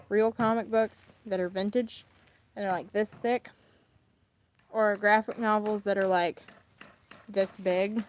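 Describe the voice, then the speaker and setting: A young woman chatting casually as she unboxes items for her vlog, rambling and often trailing off quietly at the ends of her thoughts. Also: medium pitch. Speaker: vlogger.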